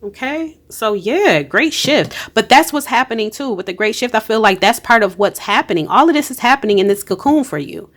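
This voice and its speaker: A woman with a fairly high, bright, expressive voice talks fairly quickly with few pauses, giving a casual tarot-style energy reading. Emotional, emphatic, and encouraging, she uses colloquial speech and frequent exclamations.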